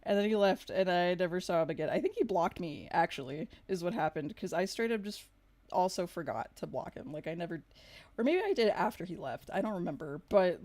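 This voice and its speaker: A woman's voice: on the low side, animated, moderate pace, darkish tone. A young woman vlogger casually telling a story, rambling with lots of "like", swearing freely and laughing along. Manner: chatty, laughs through the story.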